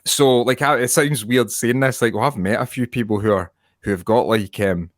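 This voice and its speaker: A man's voice: mid-range voice, moderate pace, no room sound, studio quality. Sweary Scottish man on a call. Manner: sweary, rambling, laughs often. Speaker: podcast co-host. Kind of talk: casual chat. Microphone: video call.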